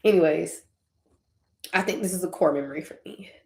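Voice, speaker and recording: A young woman with a fairly low, brisk, creaky voice talks casually and tearfully in a personal faith vlog, recorded in an echoey room. She drifts onto tangents and laughs between her thoughts, conversational and laughing through tears.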